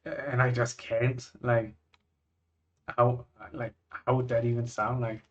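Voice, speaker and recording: A man from Scandinavia chatting casually as he reacts to places, musing and thinking out loud. His voice sits at a middle pitch for a man, and the recording sounds slightly dull and lo-fi. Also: level tone, takes it slowly. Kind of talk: casual chat.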